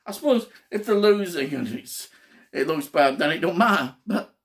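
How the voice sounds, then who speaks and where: A man chats away in a loose, rambling monologue. His voice swings up and down with animated pitch. He keeps exclaiming and poking fun at himself. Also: normal speed. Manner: exclamatory, self-mocking, chatty dialect talk. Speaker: vlogger. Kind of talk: casual rambling monologue to camera.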